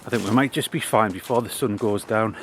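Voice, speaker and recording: A man talks through a cemetery walk in a casual, unscripted way. His voice sits fairly low, and he sounds a little out of breath. A faint hiss of outdoor air runs underneath. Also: a bit bright. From North East England. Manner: reads old headstone inscriptions with pauses and restarts. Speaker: local history vlogger. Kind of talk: casual walking tour commentary.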